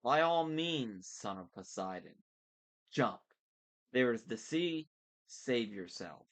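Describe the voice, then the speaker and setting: A man reading aloud and voicing a menacing, gloating monster posing as a vice principal, speaking slowly and deliberately. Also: mid-range voice, animated, fairly bright tone. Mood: gloating menace. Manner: slow, deliberate, mocking.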